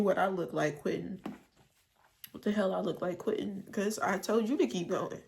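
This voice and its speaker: Tearful young woman with a gravelly voice. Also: medium pitch, normal speed, darkish tone. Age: young adult. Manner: earnest, emotional, blunt with swearing. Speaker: vlogger giving life advice. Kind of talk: heartfelt direct-to-camera talk.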